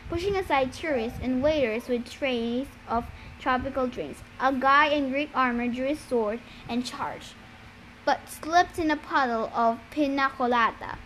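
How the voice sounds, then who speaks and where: A woman reading a novel aloud with steady storytelling narration. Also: sits high, slight background noise. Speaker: reader.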